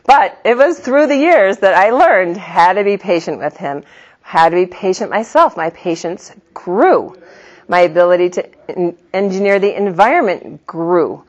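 A woman's voice: on the low side, unhurried. A middle-aged woman giving a religious talk full of personal stories, telling them with animation and frequent laughs. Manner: animated storyteller, laughs often. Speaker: religious teacher. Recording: slightly muffled recording.

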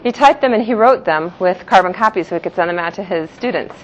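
A woman's voice: on the low side, fast, a little hiss or hum. Woman teaching a class, dull lo-fi recording. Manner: explanatory, repeats terms in two pronunciations, laughs lightly. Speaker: teacher of a Jewish philosophy class. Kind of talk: classroom lecture.

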